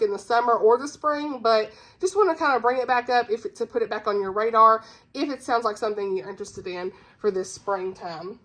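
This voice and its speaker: A woman's voice: on the high side, fairly bright tone. A woman hosting her own channel, chatting casually and bubbly about books she recommends, giggling often. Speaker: book reviewer, channel host. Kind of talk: casual book-recommendation chat.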